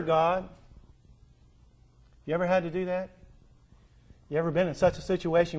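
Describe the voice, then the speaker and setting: A man preaching a sermon, swinging between loud urgent appeals and soft hushed asides, drawing out words for emphasis. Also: on the high side, fairly even intonation, moderate pace, long pauses.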